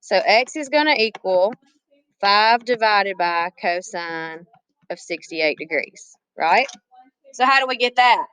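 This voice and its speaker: A woman's voice: mid-range voice, expressive, slow, fairly bright tone, clean tone, no echo, rough recording. A woman teaching a math class, chatty and often asking the students questions. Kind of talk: classroom lesson.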